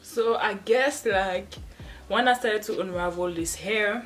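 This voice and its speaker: A woman's voice: mid-range voice, slow pace, fairly bright tone, faint music behind, low-quality recording. A woman vlogger chatting casually to the camera at home, rambling along with frequent restarts and little laughs. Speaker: hair-care vlogger. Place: at home, seated in front of a wall. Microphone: camera placed off to the side.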